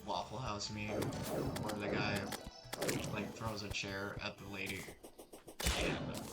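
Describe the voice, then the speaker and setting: Young male vlogger, lowish voice, rambling anecdote, music bed underneath. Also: completely flat delivery, unhurried, pauses often. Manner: rambling, with fillers and restarts. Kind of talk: casual storytelling.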